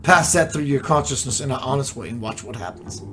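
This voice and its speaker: A spiritual teacher's medium-pitched voice, animated and a bit bright, leads a live stream over soft background music. The teacher speaks slowly and musingly, asking many rhetorical questions and reading out viewers' chat comments.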